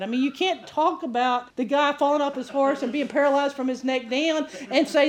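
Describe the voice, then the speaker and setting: A woman preacher giving a sermon full of animated stories, often laughing and acting out the voices of people she quotes. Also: high voice, brisk. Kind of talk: sermon with storytelling.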